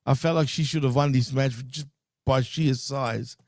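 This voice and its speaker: A man on a podcast talking wrestling in a loose, slangy, excitable way. His voice sits mid-range, recorded close and dry with no room sound. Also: medium pitch, normal speed, no echo. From Greek heritage. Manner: loose and excitable, swears and says dude and bro. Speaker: podcast co-host. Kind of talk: casual wrestling chat.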